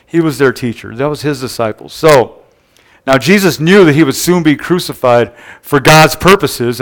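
Conversational preacher with a smooth voice. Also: male voice, on the high side, fairly bright tone. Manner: conversational, keeps asking the room "Amen?". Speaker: pastor. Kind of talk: sermon. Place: church service before a congregation.

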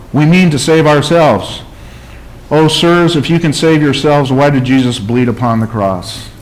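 A man with a slightly higher voice preaches a sermon. He presses his points with rhetorical questions, calls for an amen and drifts into storytelling. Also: low-quality recording. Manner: emphatic preaching, calls for amen and tells stories. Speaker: pastor.

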